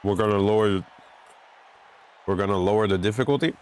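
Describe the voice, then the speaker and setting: A man giving chatty, self-mocking commentary while playing a racing game, getting excited when he pulls ahead. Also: fairly low pitch, brisk, smooth. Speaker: gamer commentating his play. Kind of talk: casual gameplay commentary. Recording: game engine noise behind voice. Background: racing game car sounds.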